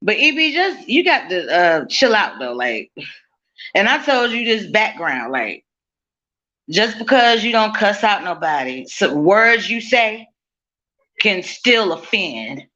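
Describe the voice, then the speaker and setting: A woman's voice: mid-range voice, big pitch swings, slow, pushed and bright, dull audio. A woman hosting a casual livestream from her kitchen, talking bluntly to her chat, swearing freely and laughing often. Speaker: livestream host. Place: home kitchen, cooking while streaming.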